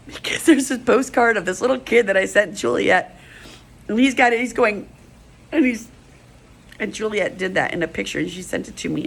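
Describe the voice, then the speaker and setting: A woman's voice: low-pitched, vocal fry, slight background noise, poor audio. A middle-aged woman rambling emotionally in a personal video monologue. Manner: rambling, emotional, stream-of-consciousness. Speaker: vlogger.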